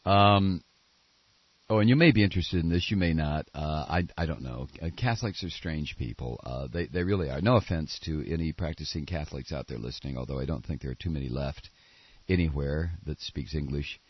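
A man from Texas hosting a podcast, giving sarcastic, animated political commentary. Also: rumbling low, brisk, breathy edge, no room sound, highs cut off. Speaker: podcast host.

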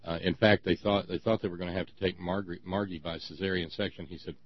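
A man co-hosting a talk show, talking in a sarcastic, ranting way with many halting restarts. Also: low-pitched, fairly even intonation, breathy edge, lo-fi sound. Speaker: podcast co-host. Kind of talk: casual opinion talk.

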